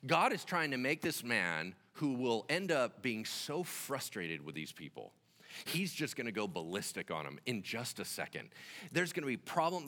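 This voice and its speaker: A man preaching a sermon, telling the story in an animated way and acting out the dialogue. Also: medium pitch, in a large hall. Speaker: pastor.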